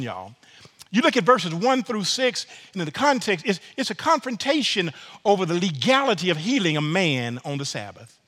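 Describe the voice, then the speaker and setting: Man, preacher, sermon, folksy and animated, repeats words, bright ringing tone, long hall reverb. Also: sits high. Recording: long reverb of a large room.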